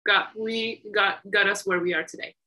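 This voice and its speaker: A woman's voice: medium pitch, steady tone, moderate pace, bright, forceful tone, low-quality recording. A woman hosting a casual chat, gushing with enthusiasm over her guest. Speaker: host.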